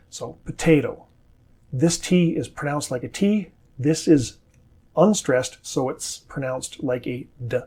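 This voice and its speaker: A man with a standard North American accent gives an English pronunciation lesson. He says each model word slowly and carefully, then explains it. His voice is a touch husky and sits a little high for a man. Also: a little mellow. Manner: slow, carefully enunciated model words.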